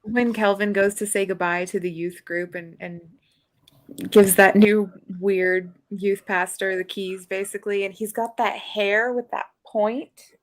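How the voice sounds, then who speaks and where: A woman's voice: mid-range voice, fairly even intonation, measured pace. A woman co-hosting a casual TV review chat, enthusiastically describing scenes with laughter. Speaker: podcast co-host.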